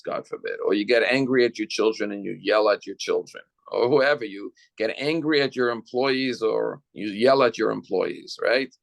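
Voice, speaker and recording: Male rabbi, mid pitch with a gravelly edge, teaching style, talks straight to the congregation. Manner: explanatory, addresses listeners directly with rhetorical questions. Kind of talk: sermon.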